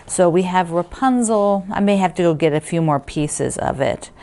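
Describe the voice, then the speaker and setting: Woman, quilting vlog host: chatty and rambling, gushing over fabric, somewhat low voice. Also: moderate pace, few pauses, mellow. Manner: chatty, enthusiastic, rambling with fillers. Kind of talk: casual chat.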